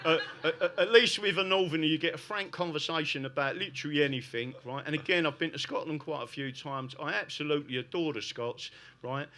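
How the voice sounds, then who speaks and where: A man with a South London accent speaks to a live audience with heavy emphasis. His voice sits a little high and rings brightly. He keeps driving his points home with a quick "right?". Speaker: guest speaker. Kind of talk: live podcast talk to an audience.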